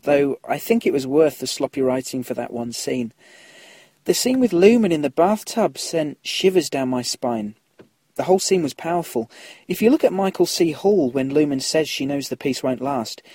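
Husky guy on a podcast reading listener mail, chatty, dry close sound. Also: medium pitch, darkish tone, no room sound. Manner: chatty, laughs at his own slips. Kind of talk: casual podcast commentary.

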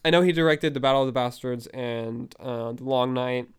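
A young man hosting a fan podcast, gushing with breathless, excited commentary and frequent outbursts. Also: mid-range voice, normal speed, smooth. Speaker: podcast host.

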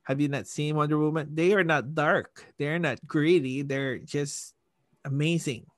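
A man chatting casually about superhero films, excitable and ranting, laughing often and swearing. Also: on the high side, measured pace, no room sound, studio quality.

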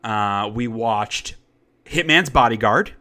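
Chatty man with a bright voice. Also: lowish voice, expressive, slow pace. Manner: chatty, rambling, with frequent fillers and restarts. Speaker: podcast co-host. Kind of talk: casual chat reviewing movies.

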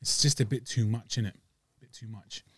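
A man's voice: lowish voice, steady tone, normal speed, a bit bright, slightly rough, no echo. A man, co-hosting a podcast and joking through a casual dessert review with slang and banter. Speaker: podcast co-host. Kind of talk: casual food review chat.

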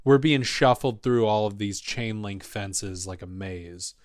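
A man from Texas telling a long story in casual chat, animated and swearing freely. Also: lowish voice, a little slow, dry recording, clean studio sound. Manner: animated, profane, acts out voices.

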